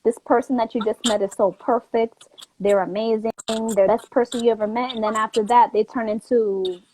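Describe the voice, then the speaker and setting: A woman hosting a casual talk show, chatting in a lively, quick way and laughing easily. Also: a little high, slight background noise, rough recording. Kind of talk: casual chat.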